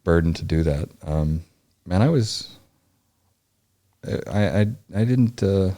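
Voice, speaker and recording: A man in his forties from Indianapolis, a guest on a podcast interview, telling his own story in a halting, rambling way with many restarts. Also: deep voice, animated, warm tone. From Indianapolis, United States. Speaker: podcast guest, former Navy SEAL and historian.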